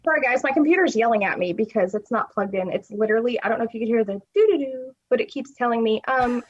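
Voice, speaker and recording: A woman talks casually as a podcast guest, rambling from one thought to the next and laughing along the way. Her voice sits fairly high. It comes through a dull, lo-fi home microphone. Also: fast talker, hardly any pauses, husky. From US South. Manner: chatty, rambling, laughs often. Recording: dull lo-fi mic.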